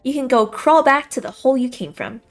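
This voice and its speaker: A woman's voice: fairly high pitch, lively intonation, a little fast, faint music behind, lightly acted. A woman voicing a fierce, protective young woman coworker as she reads a visual novel aloud, talking in a hostile, scornful, confrontational way.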